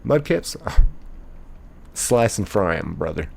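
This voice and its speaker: A man's voice: sits low, big pitch swings, slow pace, gravelly, darkish tone, breathy edge. A young man, live-streaming a game and playfully reading viewer chat aloud, laughing often.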